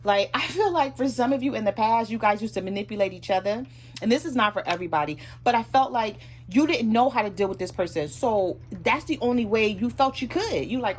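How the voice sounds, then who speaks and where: A woman's voice: on the high side, expressive, a little hiss or hum. A woman giving a casual tarot reading to her viewers, chatting freely and acting out what both partners might say. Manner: chatty, acts out both sides of a relationship in quick asides. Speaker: tarot reader.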